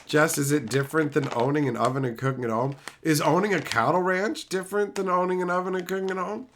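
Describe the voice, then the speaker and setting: Middle-aged man, streamer answering chat, sarcastic rants, loud mocking bursts, bright tense voice. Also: a little high, steady tone, fast, slight background noise. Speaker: streamer reading live chat. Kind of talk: casual profane live-stream rant.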